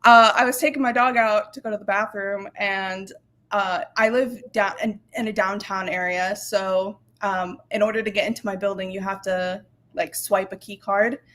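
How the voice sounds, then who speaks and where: A woman's voice: mid-range voice, fairly even intonation, moderate pace, a bit bright. A woman co-hosting a casual writing livestream, playful and laughing often. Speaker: co-host and writer.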